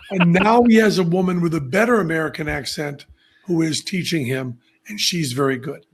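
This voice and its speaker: A man hosting a podcast, telling stories in a casual, animated way and laughing at his own anecdotes. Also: a little high, moderate pace, a little hiss or hum. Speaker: podcast host. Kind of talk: casual storytelling chat.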